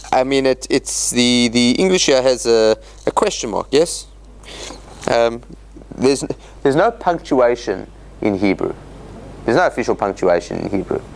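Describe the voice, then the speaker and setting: A man teaching a Torah study class in an informal lecture, acting out quotes and restarting often. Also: medium pitch. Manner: animated, acts out quotes in dramatic voices, many restarts. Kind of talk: informal Bible study lecture with questions to the audience. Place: meeting room of a church centre.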